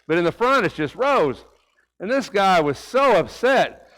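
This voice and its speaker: A man's voice: sits high, big pitch swings, a little slow, a bit bright, rough recording. A middle-aged man preaching a conversational sermon in a church, folksy, with rhetorical questions and a personal story. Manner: folksy, rhetorical questions, repeats words while talking. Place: church sanctuary.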